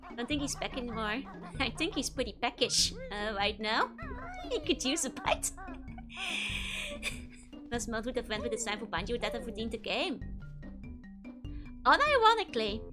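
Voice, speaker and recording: Game music backs a young Dutch-accented streamer, a native Dutch speaker, as she giggles, chats and answers her chat during casual gameplay commentary. Her fairly high voice is very animated, pushed and bright, a little slow with long pauses.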